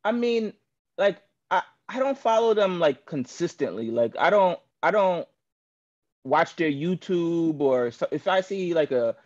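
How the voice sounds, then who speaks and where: A guest caller from Queens, New York, answers hesitantly and with many fillers during a casual live-stream interview. His voice is a little high with a darkish tone, heard through dull, lo-fi call audio.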